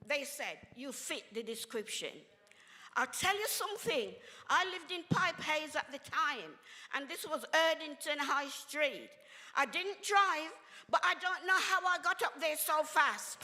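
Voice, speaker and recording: Older woman reverend, high and bright, emphatic preacher cadence, reverberant hall. Casting for a fiery community speech. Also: animated, measured pace. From England. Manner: emphatic, preacherly, with exclamations and laughter. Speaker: reverend speaker. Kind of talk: impassioned speech at a community event.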